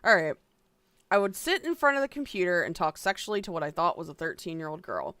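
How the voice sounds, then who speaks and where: A woman's voice: lowish voice, sing-song, fast, fairly bright tone, no echo, studio quality. A woman streamer giving casual reaction commentary, exasperated and profane, sighing often.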